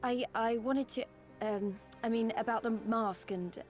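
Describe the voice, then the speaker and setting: A woman's voice: a little high, fairly even intonation, measured pace, darkish tone, close to an everyday voice. An actress playing an earnest young woman resistance fighter in a game cutscene, speaking with resolve. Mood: hesitant. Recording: game audio with faint music.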